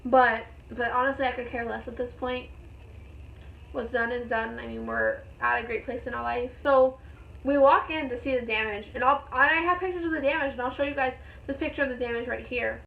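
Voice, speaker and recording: A young woman vlogger telling a story in a rambling, excited way, with lots of fillers. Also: fairly high pitch, brisk, vocal fry. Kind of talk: casual storytelling vlog. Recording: tinny phone-like sound.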